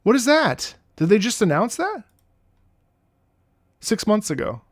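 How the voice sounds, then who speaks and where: A man in his late thirties chatting casually as a streamer reacting to game music, excitable and swearing freely as he jumps between topics. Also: high-pitched, a little slow, a little hiss or hum. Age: late 30s. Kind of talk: casual rambling chat.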